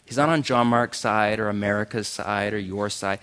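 A man preaching a sermon, animated and emphatic, asking his congregation questions and dropping quiet for serious points. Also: on the low side, moderate pace, clear, resonant tone. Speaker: pastor.

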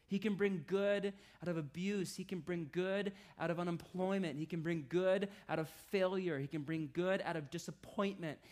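Conversational, wry male preacher. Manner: conversational, wry asides, dips low for emphasis. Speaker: pastor. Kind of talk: sermon.

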